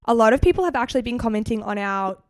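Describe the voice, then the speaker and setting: A woman's voice: on the high side, racing, no echo, clean studio sound. A young woman with a Queensland Australian accent, co-hosting a podcast and telling stories in casual chat, full of "like". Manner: chatty storyteller, heavy use of "like". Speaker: podcast co-host.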